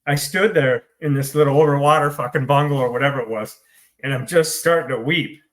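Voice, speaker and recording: In a medium-pitched, brisk voice, a middle-aged American man talks through his own recovery as an interview guest and author in recovery. He's choked up, with blunt, sweary, self-deprecating talk.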